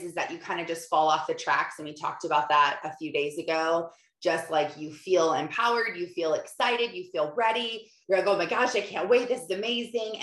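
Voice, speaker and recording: A woman's voice: low voice, roomy sound. A woman in her thirties hosting a motivational podcast, talking casually and animatedly and acting out her own thoughts. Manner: chatty, animated, acts out her own inner voice. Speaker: podcast host.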